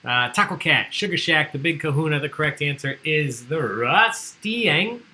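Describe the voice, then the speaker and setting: A man's voice: a little high, expressive, moderate pace, bright, forceful tone, poor audio. A man hosting an online trivia livestream, chatty and joking as he reads out the answers people sent in. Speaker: trivia host.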